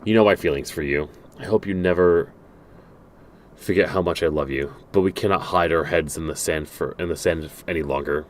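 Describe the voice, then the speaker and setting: A low-pitched game streamer talks briskly over a little hiss or hum. As he plays, he reads the game's letters and messages aloud, with frequent stumbles, restarts, and dry asides.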